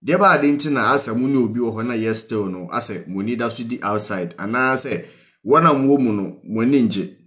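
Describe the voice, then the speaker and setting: This Ghanaian-accented call-in host speaks a little fast in a mid-range, fairly bright voice. He switches between Twi and English, pushing viewers with "What you say?" while offering heartfelt, imploring advice.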